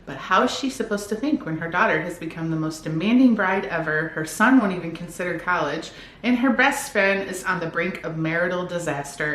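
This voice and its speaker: A woman's voice: fairly low pitch, a bit bright. Chatty woman in an echoey room. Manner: chatty, upbeat, reads back-cover blurbs aloud. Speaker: book vlogger. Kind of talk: casual book haul chat. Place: home room with bookshelves. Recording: echoey room, faint background noise.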